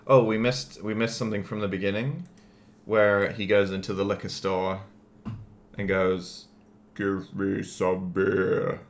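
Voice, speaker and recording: A man co-hosting a casual movie podcast from home, relaxed and chatty, often correcting himself mid-sentence. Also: lowish voice, moderate pace. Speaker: podcast co-host.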